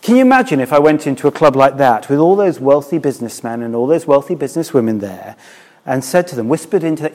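A man's voice: mid-range voice, animated, fast talker, a little mellow. A middle-aged man preaching a sermon in a conversational way, often asking the listeners rhetorical questions.

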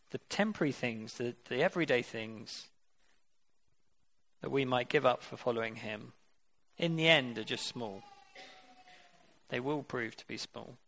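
A man's voice: mid-range voice, a bit bright. A man preaching a sermon, earnest and conversational, with rhetorical questions to his congregation.

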